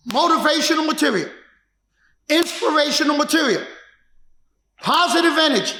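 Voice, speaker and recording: A martial arts instructor telling his own story in an emphatic, repetitive way that builds to shouts. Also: very high voice, expressive, normal speed, long pauses. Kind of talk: personal storytelling. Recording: echoey room.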